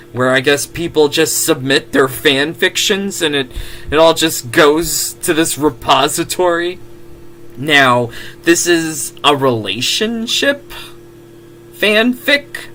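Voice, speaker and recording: A man's voice: on the high side, pushed and bright, slight background noise. A giggly man who laughs often, reading fan fiction aloud with casual comedic comments.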